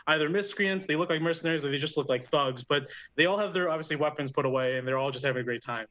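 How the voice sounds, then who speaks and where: A man narrating as game master of a tabletop game, pausing often with ums and restarts. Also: on the high side, bright, forceful tone. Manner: hesitant, many ums and restarts. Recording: dull lo-fi sound.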